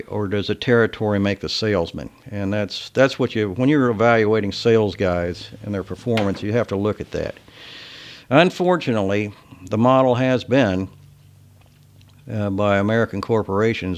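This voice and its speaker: A man from Ohio with a slight Southern drawl gives a casual sales lecture. His voice sits low, and his delivery is blunt, folksy and salty. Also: normal speed. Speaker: sales trainer.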